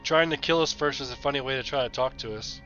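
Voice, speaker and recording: Bright-voiced man player, blunt. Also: medium pitch, fast talker, lo-fi sound, soft background music. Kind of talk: tabletop role-play chat.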